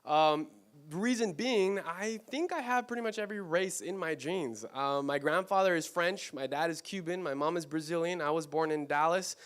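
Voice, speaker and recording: A man from Mexico gives a conversational sermon as a church speaker, keeping it informal and full of rhetorical questions and self-corrections. His fairly high voice moves at a moderate pace with hardly any pauses.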